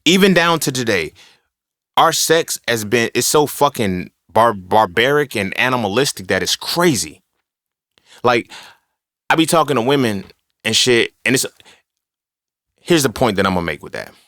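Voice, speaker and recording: A man's voice: medium pitch, expressive, moderate pace, pauses often, a bit bright, no echo, studio quality. A man hosting a podcast, talking alone in a casual, rambling, profane and emphatic way, often checking in with "you feel me". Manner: frequent 'you feel me' asides. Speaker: podcast host. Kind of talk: casual solo monologue.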